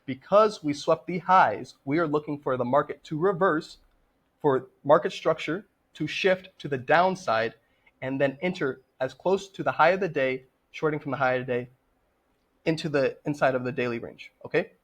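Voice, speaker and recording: Male trading tutor, fairly high voice, plain instructive delivery for a screen-share lesson. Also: moderate pace. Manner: direct, instructive, checks in with "okay?". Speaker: trading educator.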